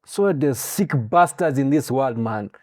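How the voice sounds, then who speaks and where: A man, reacting to a clip in casual slangy commentary with loud drawn-out exclamations. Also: medium pitch, lively intonation, no echo, clean studio sound. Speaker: reaction streamer.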